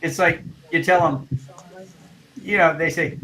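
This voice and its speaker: Man, fairly high voice, bright and forceful, chatty, trading facts. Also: fairly even intonation, unhurried, long pauses, rough recording. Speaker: chat participant. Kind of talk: casual group chat.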